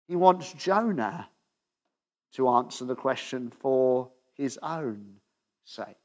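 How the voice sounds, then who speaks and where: A man preaching a conversational sermon, often checking in with the congregation and letting his voice drop softly at the ends of phrases. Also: animated, takes it slowly. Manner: conversational, asks the audience questions with tag "okay?"; drops to a soft low voice at the ends of phrases.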